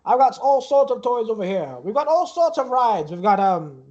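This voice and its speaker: A man playing a loud cheery carnival barker. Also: very high voice, big pitch swings, moderate pace, highs cut off, voice pushed up. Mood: hyping.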